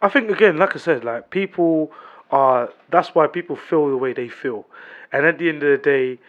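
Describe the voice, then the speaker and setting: A man's voice: on the high side, moderate pace. A man chatting casually on a podcast, emphatic and repetitive, full of rhetorical questions. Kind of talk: casual chat. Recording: dull lo-fi sound.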